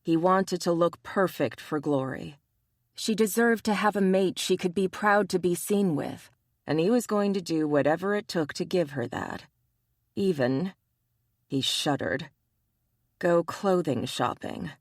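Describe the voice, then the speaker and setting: A woman narrating an audiobook romance in a measured, even reading style. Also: on the low side, no echo, studio quality. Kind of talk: scripted narration.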